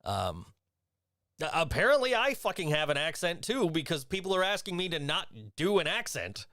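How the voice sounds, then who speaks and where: A man's voice: fairly high pitch, very animated, normal speed, bright, forceful tone, no echo, clean studio sound. Rambling, profane man from Western New York. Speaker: podcast host and voice actor. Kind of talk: casual chat.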